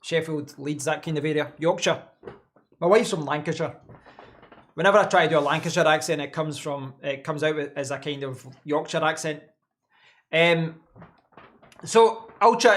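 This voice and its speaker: A man's voice: a little high, fairly even intonation, moderate pace, a bit bright. A man hosting a casual live stream from his home office desk, answering chat in a rambling way and repeating words as he thinks.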